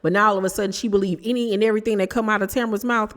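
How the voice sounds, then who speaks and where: A woman's voice: medium pitch, fairly even intonation, racing, long reverb tail. A woman hosting a casual, opinionated recap of a reality show, talking in a chatty, emphatic way with sassy asides.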